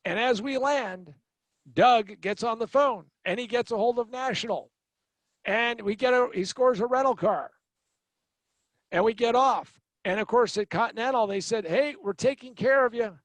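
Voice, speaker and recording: A middle-aged man hosting a podcast, telling a travel story in an animated, wry and sarcastic way. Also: very high voice, moderate pace, no room sound. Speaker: podcast host. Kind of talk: storytelling anecdote.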